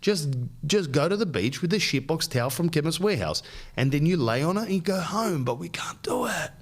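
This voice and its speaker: Australian man, podcast host, casual rambling monologue, slangy, animated. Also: on the high side, brisk. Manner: slangy, animated, says "bro" a lot.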